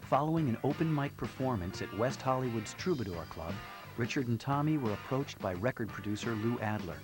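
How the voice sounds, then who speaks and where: A man reading scripted documentary narration in a measured, storytelling way. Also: medium pitch, expressive. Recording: narration over loud music.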